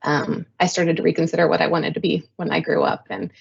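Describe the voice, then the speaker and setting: Thirtysomething woman guest, husky gravelly voice, lots of ums, kinda dull audio. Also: low-pitched, little pitch movement, fairly quick. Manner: chatty and self-deprecating, with many ums. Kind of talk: telling her career story.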